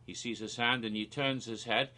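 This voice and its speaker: A man casually retelling a spooky promo video for his vlog in an animated, rambling way, with fillers and restarts. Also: mid-range voice, moderate pace. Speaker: theme park vlogger.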